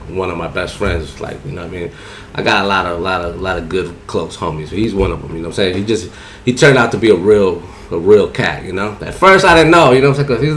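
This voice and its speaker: A man's voice: deep voice, slight background noise. A man casually telling a rambling, profane story in heavy slang, often saying "you know what I'm saying". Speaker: barber telling a story on a podcast.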